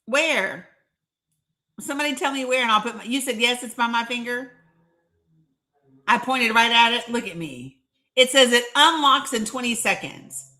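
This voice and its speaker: Lady hosting a live stream, kinda high voice, chatty, keeps clearing her throat and laughing. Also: animated, moderate pace, sharp tone. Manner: chatty, reads viewer comments aloud, laughs and clears throat often. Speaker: livestream host. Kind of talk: casual live-stream commentary.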